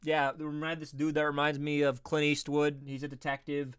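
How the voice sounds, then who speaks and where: A man's voice: a little high, clear, resonant tone, dry recording, clean studio sound. A man hosting a let's play who chats casually and animatedly with a guest. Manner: animated, quick to laugh. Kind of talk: casual gameplay chat.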